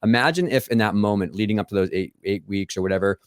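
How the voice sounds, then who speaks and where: A man's voice: lowish voice, fast, dry recording, clean studio sound. A man hosting a podcast, talking enthusiastically in long run-on thoughts during a casual interview. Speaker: podcast host.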